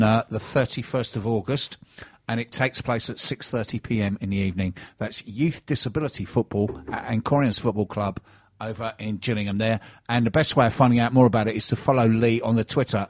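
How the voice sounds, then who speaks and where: A man's voice: medium pitch, no echo, dull audio. A man hosting a radio show, chatting casually and trading jokey, teasing banter.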